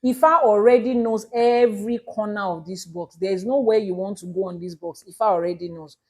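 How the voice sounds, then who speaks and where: A Nigerian woman speaks briskly in a steady, mid-range voice as she teaches on a live stream. An Ifa priestess, she answers viewers' questions emphatically, using examples and restating her key points.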